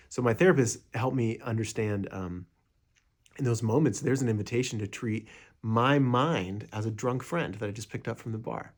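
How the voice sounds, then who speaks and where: A man's voice: medium pitch, normal speed. A young man teaching meditation in a casual, rambling way, with many fillers and restarts, sometimes acting out what a friend might say.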